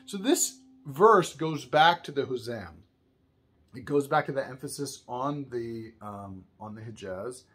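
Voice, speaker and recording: A man's voice: medium pitch, expressive, a little slow. A man teaching a music lesson, patiently explaining and counting scale degrees aloud.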